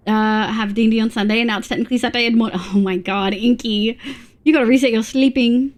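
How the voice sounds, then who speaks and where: A bubbly young woman chats away on a live game stream. Her voice sits a little high, and she laughs often as she answers her chat. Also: steady tone, racing. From Australia. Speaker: VTuber streamer. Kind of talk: casual live-stream chat while gaming.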